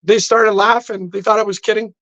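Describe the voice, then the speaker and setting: A man's voice: high-pitched, flat delivery, a little fast, pushed and bright, dry recording, dull audio. A man on a podcast telling a personal story intensely, acting out the dialogue as he goes. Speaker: podcast guest. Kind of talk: storytelling in casual chat. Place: podcast studio.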